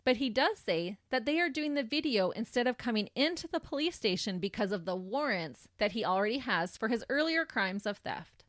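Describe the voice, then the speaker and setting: A woman's voice: fairly high pitch, lively intonation, brisk, hardly any pauses, fairly bright tone, no room sound, studio quality. A woman hosting a podcast, recounting a true crime case in a sardonic storytelling manner. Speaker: podcast host.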